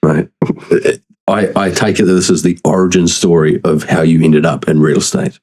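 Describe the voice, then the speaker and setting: A man hosting a podcast, chatting casually and teasing his guest with quick interjections. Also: sits low, fairly even intonation, a little mellow. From New Zealand. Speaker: podcast host. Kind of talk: casual chat.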